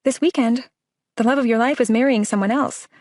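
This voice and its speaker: A woman reading an audiobook, voicing a bubbly, excitable young woman friend who gushes and teases. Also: on the high side, fairly quick, no room sound, studio quality, voice pushed up, lightly acted. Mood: teasing. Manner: gushing, teasing, exclamatory. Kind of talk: audiobook character voice.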